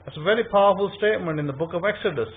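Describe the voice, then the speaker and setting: A man's voice: high voice, rapid-fire. A man giving an informal scripture teaching, conversational and repetitive, acting out his listeners' thoughts. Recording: tinny phone-like line.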